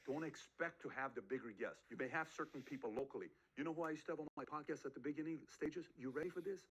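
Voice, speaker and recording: A husky-voiced man talks quickly through motivational advice. He fires off rhetorical questions and acts out the voices of the people he quotes. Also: fairly high pitch, sharp tone, rough recording. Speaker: podcast host giving advice. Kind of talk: motivational talk.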